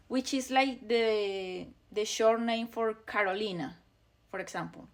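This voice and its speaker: A woman teaching Spanish pronunciation, repeating each sound slowly as she demonstrates it. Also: mid-range voice, steady tone. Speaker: language teacher. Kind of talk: pronunciation lesson.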